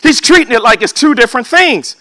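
A man preaching a sermon, emphatic, calling for amens and sometimes shouting. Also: very high-pitched, animated, brisk, no echo. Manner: emphatic, calls for amen, bursts of shouting.

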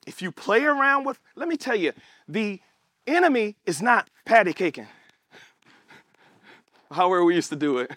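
A man preaching a sermon with an animated, call-and-response delivery, acting out prayers in quoted voices as he goes. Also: high-pitched, moderate pace, long pauses, no echo, studio quality.

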